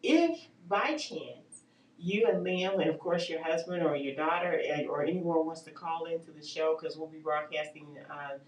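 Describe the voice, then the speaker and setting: A woman's voice: low-pitched, normal speed, echoey room, recorded from a distance, poor audio. A woman hosting a call-in radio show, an eager, agreeable interviewer chatting with her guest. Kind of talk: casual chat on a call-in show.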